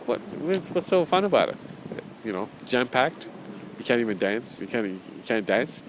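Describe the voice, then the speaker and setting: A man's voice: lowish voice, very animated, moderate pace, noisy background. A man as a spiritual teacher, talking casually and rambling through his own book, repeating phrases and chuckling often.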